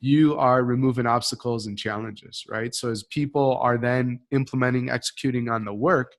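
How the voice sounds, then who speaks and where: A man's voice: medium pitch, fairly even intonation, moderate pace. Upbeat motivational man in a live Q&A. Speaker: cohost, mastermind leader. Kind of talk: live Q&A conversation.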